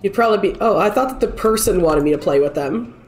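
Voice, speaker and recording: A woman's voice: medium pitch, lively intonation, fast talker. A woman streaming a cozy game while sick with a cold, chatting in a rambling, easygoing way and cooing at the cats on screen. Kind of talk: casual gameplay chat. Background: faint game music.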